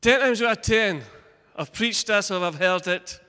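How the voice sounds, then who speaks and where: A male pastor preaching a sermon, reading scripture and telling the story with lively asides to the congregation. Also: sits high, measured pace, clean tone, big-room sound.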